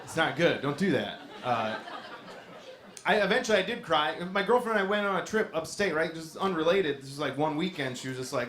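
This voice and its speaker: Deadpan man doing stand-up. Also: fairly quick. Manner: low-key deadpan delivery. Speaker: stand-up comedian. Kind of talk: stand-up set. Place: comedy club stage with a laughing audience. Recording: echoey club with audience noise.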